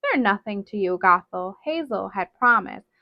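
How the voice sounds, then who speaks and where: A woman voicing a cruel, possessive witch mother who threatens and commands loudly, on a dull, dry recording. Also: mid-range voice, lively intonation, normal speed, creaky, no room sound.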